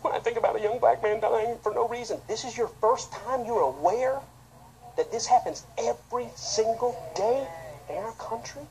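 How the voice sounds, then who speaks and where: A man, a pastor, preaching an impassioned sermon that swings between loud outbursts and quiet, low asides. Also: moderate pace, vocal fry, background noise. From United States.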